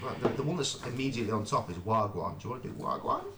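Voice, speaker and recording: A man's voice: medium pitch, lively intonation, racing. A man recording rap lines on a live stream, swearing freely and bantering between takes. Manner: swears freely, jumps between rapping and joking. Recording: roomy, distant mic, faint noise.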